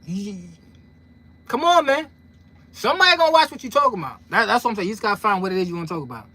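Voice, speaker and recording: This New York trucking content creator has a high, sharp voice, talks at a quick pace, and is animated throughout. Addressing his viewers directly in a casual monologue, he packs in street slang, stays emphatic, and repeats lines to hit harder.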